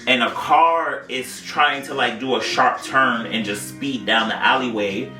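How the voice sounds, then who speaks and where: A man's voice: mid-range voice, unhurried, pushed and bright. A man co-hosting a casual podcast, telling a wild night-out story in slang, swearing freely. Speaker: podcast co-host. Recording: roomy sound, mic at a distance, faint music.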